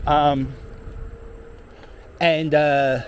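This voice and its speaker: Speaking very slowly in a slightly high voice with little pitch movement, a middle-aged Philadelphian chats as he rides a scooter through the city for his vlog. The talk is rambling, joking and profane, with faint street noise in the recording.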